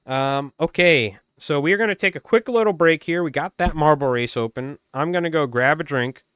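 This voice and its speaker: A man live-streaming, his voice wearing hoarse, calling a marble race play-by-play like a playful sportscaster. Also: on the high side, normal speed, fairly bright tone, dry recording, clean studio sound. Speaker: fly tying live streamer.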